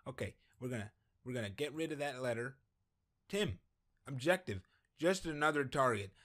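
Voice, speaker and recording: A gameplay commentator, male, with a mid-range voice and moderate pace, talks over a game as he plays. He jokes around, stays animated, and reads the on-screen dialogue aloud in different voices.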